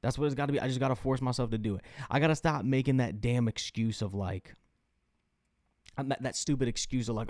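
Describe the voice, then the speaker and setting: A man's voice: mid-range voice, fairly quick, darkish tone, no echo, clean studio sound. A young man from the American Midwest, hosting his own show in a loose, rambling chat full of fillers and swearing. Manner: rambling, profane, lots of fillers. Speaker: podcast host. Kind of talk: casual solo chat.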